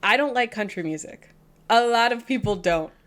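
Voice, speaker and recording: A woman's voice: fairly high pitch, expressive, normal speed, fairly bright tone. A woman from the American South co-hosting a podcast, talking in a playful, joking, self-mocking way. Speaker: podcast co-host. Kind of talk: casual chat.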